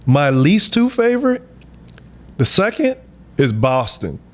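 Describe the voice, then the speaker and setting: A young adult man trading jokes on a casual podcast. His voice sits a little high, and he keeps the banter lively by repeating lines for laughs. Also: slow pace. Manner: joking, animated, repeats phrases for laughs. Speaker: podcast co-host.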